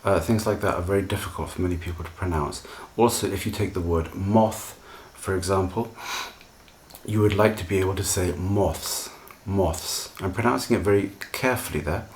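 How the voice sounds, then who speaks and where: A man, explaining pronunciation in a calm, reassuring solo video lesson. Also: low voice, fairly quick, a little hiss or hum. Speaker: English pronunciation teacher.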